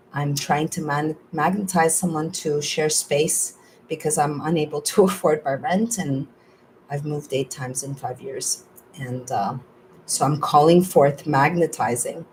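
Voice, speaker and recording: A woman's voice: deep voice, a little mellow, a little hiss or hum, low-quality recording. A woman host chatting in a rambling, casual way at the end of a livestream, with a spiritual bent. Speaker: host and journalist.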